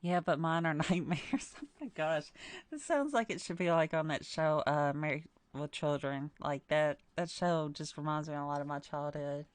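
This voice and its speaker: A woman's voice: low-pitched, moderate pace, dry recording. A woman streamer reading a visual novel's text aloud and breaking off with amused comments about the dialogue. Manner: amused asides, laughs at the dialogue.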